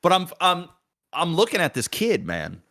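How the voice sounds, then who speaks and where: A man hosting a podcast, chatting casually and telling a story in a lively, profane way about his son. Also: a little high, moderate pace, vocal fry. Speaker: podcast host; father.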